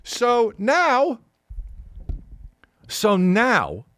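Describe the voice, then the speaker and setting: A man in his forties, a podcast host telling a comedic story as a profane, animated rant full of acted-out voices. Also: very high voice, extremely slow, dry recording.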